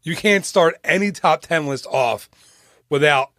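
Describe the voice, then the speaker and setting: A man hosts a casual podcast, chatting easily and tossing in quick jokes. His voice sits a little high for a man, and the sound is dry and close to the mic. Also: pushed and bright, no echo. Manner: joking, chatty, quick asides. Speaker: podcast host. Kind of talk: casual chat.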